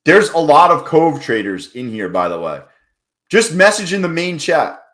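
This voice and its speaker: A man's voice: on the high side, very animated, moderate pace, fairly bright tone. A man hosting a live trading stream, talking in loose, profane, joking banter with his chat. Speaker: livestream trading host.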